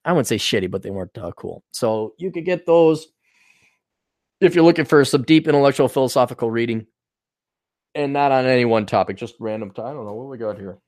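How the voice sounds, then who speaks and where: A man's voice: medium pitch, a little fast, a little mellow, no echo, clean studio sound. A man hosting a podcast in a casual, rambling monologue, irreverent and profane. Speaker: podcast host.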